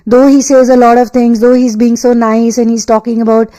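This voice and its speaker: A woman with an Indian English accent delivers an earnest spiritual reading. Her voice is fairly high and soft, warm and dark-toned. She talks in circles, restating points with fillers as she goes. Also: little pitch movement, brisk, poor audio. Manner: earnest, repetitive, emphatic phrasing with many fillers. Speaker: tarot and energy reader.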